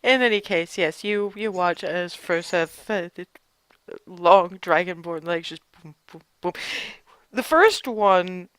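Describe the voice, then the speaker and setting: A bright, crisp voice runs a tabletop game as its game master, switching between quick rules checks and vivid blow-by-blow narration. The sound is close and dry, with no room around it. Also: medium pitch, no room sound.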